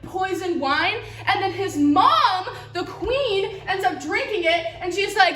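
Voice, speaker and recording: A woman's voice: very high-pitched, fairly bright tone, slight background noise. A woman giving a casual, rambling class presentation, full of fillers and giggles, recorded in a classroom. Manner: rambling, filler-heavy, giggly, breaks into silly voices. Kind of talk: casual, rambling plot summary. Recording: roomy, from a distance.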